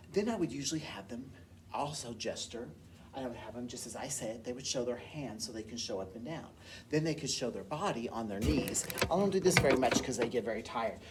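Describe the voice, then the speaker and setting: A woman's voice: rumbling low, a little mellow, slight background noise. A woman music teacher leading a eurhythmics class, encouraging her students and chanting counts and syllables. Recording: distant mic with piano playing.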